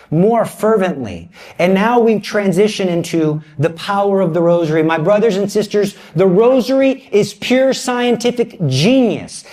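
A man with a high voice preaches an animated sermon. He mixes comic storytelling and quick asides with earnest exhortation, acting out the voices in his stories.

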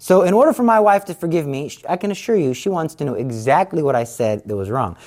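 Speaking fast with lively intonation, a man with a fairly high, darkish voice explains confession in a casual Catholic teaching talk. He's conversational and earnest, urging listeners on and voicing everyday scenes as quoted dialogue.

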